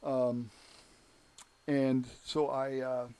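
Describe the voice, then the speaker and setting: A man's voice: medium pitch, level tone, drawn-out words, mellow, smooth. A man hosting his own show, telling a story in a rambling, heated monologue full of "you know". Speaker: show host.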